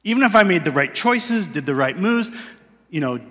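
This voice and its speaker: A man's voice: high voice, expressive, normal speed, fairly bright tone. A man preaching a sermon in a church in a loose, conversational way, laughing at himself now and then. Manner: conversational, self-deprecating, laughs often. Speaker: pastor. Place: church sanctuary. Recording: long reverb of a large hall.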